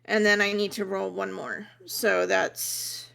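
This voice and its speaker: A woman's voice: mid-range voice, level tone, takes it slowly, gravelly, background noise. A woman playing a tabletop game, laughing often and counting her dice aloud. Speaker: player. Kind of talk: casual tabletop play.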